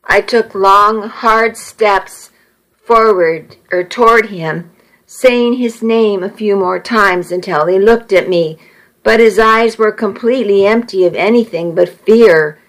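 A woman narrates a novel in the first person, earnest and measured. She takes her time over every phrase, in an ordinary middle-pitched voice. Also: fairly bright tone. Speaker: audiobook narrator.

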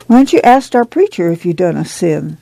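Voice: mid-range voice, big pitch swings, a little fast, gravelly, mellow, no room sound, rough recording. A reader voicing a nervous, complaining young girl who speaks plaintively. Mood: fretful. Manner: fretful, plaintive.

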